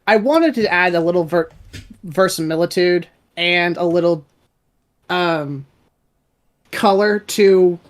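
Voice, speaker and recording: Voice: medium pitch, slow pace, pauses often. Rambling audio drama creator in casual chat. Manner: rambling, restarts sentences often. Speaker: audio drama writer and director.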